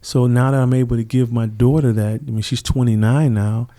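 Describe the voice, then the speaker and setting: A man's voice: medium pitch, steady tone, fairly quick, warm tone. A middle-aged man, a podcast guest, telling stories earnestly and reflectively, acting out the people he quotes. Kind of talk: conversational interview storytelling.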